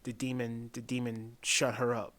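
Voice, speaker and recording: A man giving a casual spoken film review. He rambles, repeats himself, often says "man", and drops to a hush when retelling the creepy parts. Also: mid-range voice, completely flat delivery, moderate pace. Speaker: movie reviewer.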